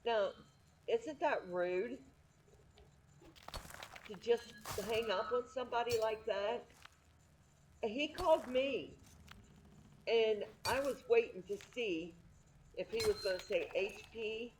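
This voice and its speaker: Slow, rambling middle-aged woman. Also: a little high, slight background noise, poor audio. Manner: rambling and candid, with frequent restarts. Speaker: streamer. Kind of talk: casual chat.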